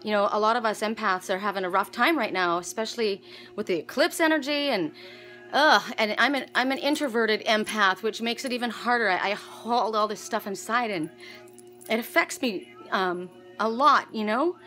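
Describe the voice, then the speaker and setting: Gushing, bright-voiced middle-aged woman. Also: mid-range voice, normal speed, faint music behind, low-quality recording. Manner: effusive, rambling, full of restarts and gushing exclamations. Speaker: vlogger and spiritual reader. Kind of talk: casual chat to camera, opening a gift.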